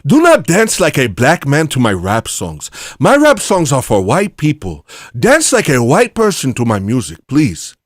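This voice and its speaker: A man's voice: medium pitch, wildly swooping pitch, measured pace, no echo, studio quality, pitched above the performer's own voice. A man putting on an African accent to play a preachy man lecturing white people on their culture, stern and drawn out.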